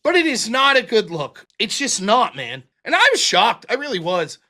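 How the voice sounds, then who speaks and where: A man's voice: sits high, wildly swooping pitch, moderate pace, bright, forceful tone. A man hosting a commentary show, reacting with exasperated, incredulous, profane remarks.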